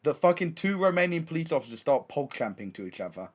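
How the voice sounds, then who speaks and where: A young man with an English accent, a streamer telling a story in a casual, excitable way, full of slang and restarts. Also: fairly high pitch, fast. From England.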